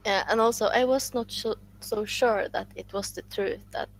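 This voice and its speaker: A woman chats on a podcast, laughing freely and telling a story with dry asides. Her voice sits at a medium pitch with a gravelly edge. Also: fairly even intonation, moderate pace, poor audio. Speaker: podcast co-host. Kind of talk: casual chat.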